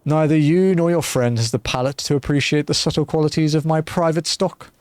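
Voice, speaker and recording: A man voicing an arrogant male wine baron from a game, speaking slowly with scorn and dismissal. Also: a little high, fairly even intonation, a little mellow, clean tone, dry recording, pitched above the performer's own voice, close to an everyday voice. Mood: contemptuous. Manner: scornful, dismissive, slow and deliberate.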